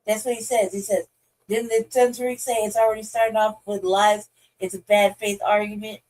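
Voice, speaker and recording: A woman's voice: mid-range voice, level tone, normal speed, a little mellow, poor audio. A woman co-hosting a podcast in casual chat, blunt and swearing freely, often restarting her sentences. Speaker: podcast co-host.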